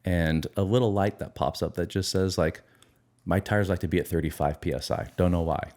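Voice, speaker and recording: A middle-aged man with a very low voice speaks earnestly in an interview. He reflects on his own experience and now and then acts out little inner conversations. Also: a little fast, darkish tone. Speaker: guest, addiction recovery expert.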